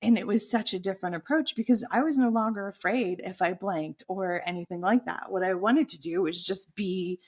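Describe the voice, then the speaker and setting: A woman speaking at a middle pitch, telling a lively personal anecdote as a podcast guest. She slips into quoted inner thoughts as the story builds. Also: normal speed, few pauses, breathy edge. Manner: animated anecdote with voiced quotes of her own thoughts.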